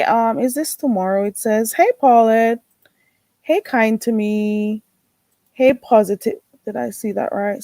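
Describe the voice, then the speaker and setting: A woman hosting a casual livestream, greeting viewers in a playful, animated way and laughing often. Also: a little high, dry recording. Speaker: livestream host.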